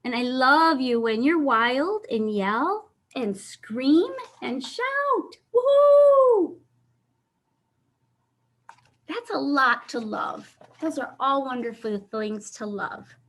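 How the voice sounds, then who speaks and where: Lively, high-pitched woman reading to kids. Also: slow, few pauses. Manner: animated, asks children questions. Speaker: children's story time host. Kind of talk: reading a picture book aloud to children. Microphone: video call.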